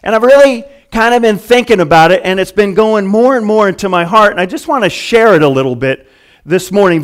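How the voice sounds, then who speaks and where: A man's voice: high voice, lively intonation, fairly quick. A middle-aged male pastor preaching a casual, chuckling sermon full of fillers and restarts.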